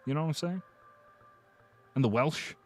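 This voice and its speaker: A man's voice: on the high side, moderate pace. A man chats on his livestream in a slightly raised voice, joking and swearing casually as he answers viewers. He trails off and restarts often, laughing at his own remarks. Faint music plays underneath. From United Kingdom. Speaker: streamer. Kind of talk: casual livestream chat reading viewer comments.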